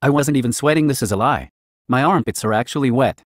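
A man's voice: medium pitch, fast talker, dry recording, clean studio sound, natural voice. A man reading as a cheeky boastful girl. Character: cheeky tomboyish girl, the hero's sister.

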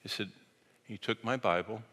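A man preaching, telling a story in an animated way that swings from loud to hushed, and reading scripture aloud. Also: lowish voice, normal speed. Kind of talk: storytelling sermon. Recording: long hall reverb.

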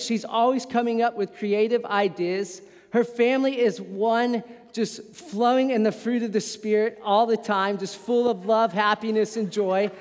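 A man in his thirties preaching a sermon as pastor, telling stories in a lively way and poking fun at himself. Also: high-pitched. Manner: animated storytelling with playful self-mockery. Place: church sanctuary. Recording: long reverb of a church hall.

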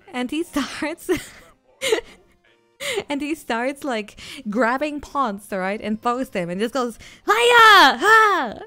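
A young woman streaming a VR game from home, with a slightly high voice. She rambles in a jokey, giggly way, swears freely and bursts into panicked yelps. Faint game music plays under her headset mic. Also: lively intonation, drawn-out words, pauses often. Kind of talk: casual livestream gaming chatter. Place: at home, playing in VR.

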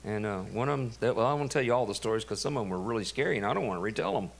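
A middle-aged man, a pastor telling a story in a sermon, animated and laughing. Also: on the low side, racing, creaky. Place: church.

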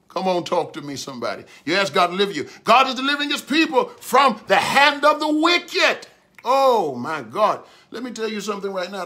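A man preaching a livestreamed sermon, swinging from calm talk to shouted repeated prayers. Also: high-pitched. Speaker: pastor.

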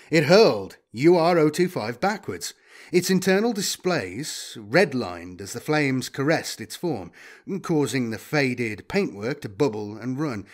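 A man narrating a sci-fi action story in a dramatic, expressive style. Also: mid-range voice. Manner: expressive, lively delivery. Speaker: audiobook narrator.

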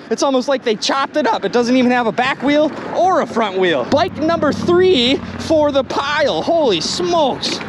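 A young man vlogging outdoors by the water, exclaiming excitedly to his viewers. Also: high-pitched. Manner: excitable, exclaiming, addresses viewers as you guys. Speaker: magnet fishing vlogger. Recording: noisy outdoor recording.

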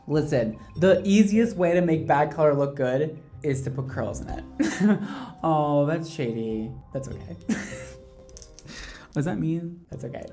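A man, a hairdresser, giving casual reaction commentary in a sassy, animated way with dramatic exclamations. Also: fairly high pitch, takes it slowly, faint music behind.

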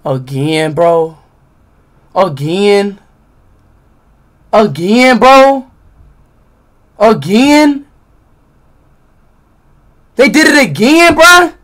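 High, bright, excitable young male streamer. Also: drawn-out words, pauses often. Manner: excitable, exasperated, profane, bursts into shouting. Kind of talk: live game-stream commentary.

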